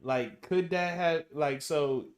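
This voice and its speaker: A man hosting a podcast in casual chat, halting and restarting as he builds his questions. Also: a little high. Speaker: podcast host.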